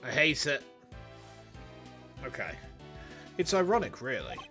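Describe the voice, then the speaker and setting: A man's voice: medium pitch, huge pitch swings, a little slow, bright, forceful tone, soft background music. A man with a Yorkshire accent, a streamer chatting casually while gaming, rambling and joking with some swearing. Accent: Yorkshire English. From Yorkshire, England. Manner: rambling, profane, jokey.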